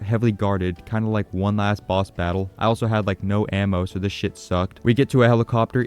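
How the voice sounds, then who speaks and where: A man narrating a comedic game recap in a crude, sarcastic way with constant swearing. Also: lowish voice. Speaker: gaming commentator.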